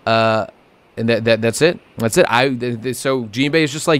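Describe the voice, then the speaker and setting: A man co-hosting a casual manga discussion podcast, animated and sarcastic, often slipping into quick mock voices for characters. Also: medium pitch, clean tone, dry recording. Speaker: podcast co-host.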